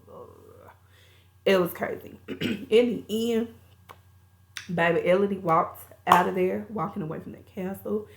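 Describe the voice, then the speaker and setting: A woman with a slightly low-pitched voice recaps a film's story for her viewers. She talks in a loose, colloquial, chatty way, like she's telling a friend what happened. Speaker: movie reviewer. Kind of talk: casual plot recap.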